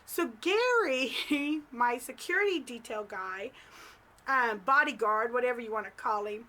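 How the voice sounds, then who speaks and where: A woman's voice: fairly high pitch, expressive, a little slow, pushed and bright. A middle-aged woman telling a story in a chatty, giggly way with lots of fillers, recorded in her home office. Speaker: psychic medium vlogger. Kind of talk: casual storytelling vlog. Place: home office in a house turret.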